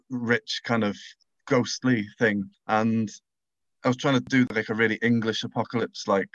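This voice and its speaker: A man's voice: fairly low pitch, dry recording. Rambling man on a dull lo-fi line. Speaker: writer and panelist. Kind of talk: casual chat. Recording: dull lo-fi mic.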